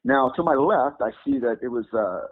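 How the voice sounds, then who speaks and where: A man telling a story in a lively, sing-song way, his pitch leaping whenever he acts out the people in it. His voice is husky. The sound is thin and phone-like. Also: normal speed. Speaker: guest demonologist. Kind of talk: animated storytelling. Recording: phone-like lo-fi audio.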